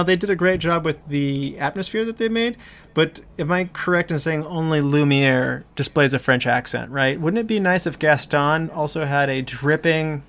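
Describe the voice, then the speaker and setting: A man hosts a relaxed movie roundtable, his voice sitting a little high with a gravelly edge. He talks loosely, circling back through fillers and half-finished phrases as he steers the conversation. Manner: rambling, many fillers and restarts. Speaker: podcast host. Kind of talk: casual movie discussion.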